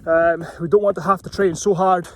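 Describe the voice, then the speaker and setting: A man's voice: high-pitched, level tone, brisk, fairly bright tone, a little hiss or hum. A man vlogging outdoors as he climbs a steep hill, talking casually and getting out of breath. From Scotland. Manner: chatty, breathy from climbing, marvels at the view. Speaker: running vlogger. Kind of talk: casual vlog while hiking.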